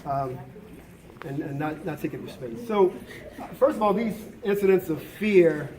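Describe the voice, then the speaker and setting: A man's voice: on the high side, animated, measured pace, crowd noise. A man, a college diversity administrator, giving impassioned remarks at a campus forum, emphatic and repeating his key points.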